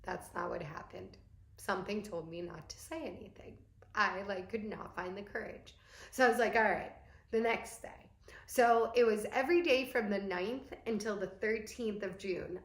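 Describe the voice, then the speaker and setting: A young woman shares a painful personal story in a candid, talky way, full of fillers. Her voice sits at a middle pitch. The room around her is echoey. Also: moderate pace, vocal fry. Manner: candid, tearful storytelling with frequent "like". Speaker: vlogger.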